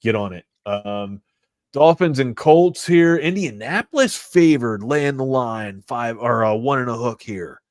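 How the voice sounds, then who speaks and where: A male sports talk host giving betting picks in a loose, excitable, slangy way. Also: mid-range voice, unhurried, no echo, clean studio sound. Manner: loose and excitable, slangy, says "man" a lot.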